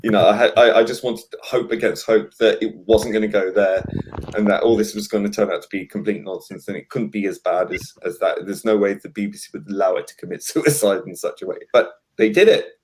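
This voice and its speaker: A man with a lowish voice holds forth in a relaxed chat. He stumbles over his words and restarts often, yet his opinions come out firm. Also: brisk, slight background noise. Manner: hesitant, many restarts and fillers, opinionated. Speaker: podcast host. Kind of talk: casual chat.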